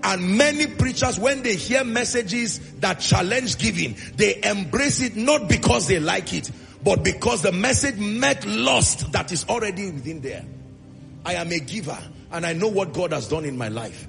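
A man's voice: high voice, lively intonation, normal speed, gravelly, a bit bright, big-room sound, faint music behind. A Nigerian man preaching a sermon as pastor, emphatic and hammering repeated refrains.

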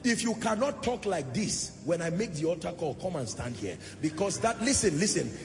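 A man's voice: on the high side, big pitch swings, normal speed, few pauses, darkish tone, a little hiss or hum. A man preaching a sermon, impassioned, often swelling into sung, chanting phrases. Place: church hall. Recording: long church hall reverb.

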